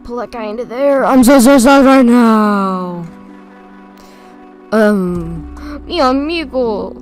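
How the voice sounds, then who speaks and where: Excitable young woman narrating gameplay. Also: a little high. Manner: excitable, chatty, repeats words when stressed. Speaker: YouTuber. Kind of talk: casual gameplay commentary. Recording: faint music behind.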